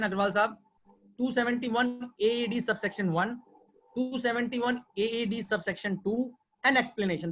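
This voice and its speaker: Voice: mid-range voice, a bit bright, a little hiss or hum. A tax law speaker with an Indian accent giving an earnest webinar lecture over a video call, repeating key points and addressing listeners as sir.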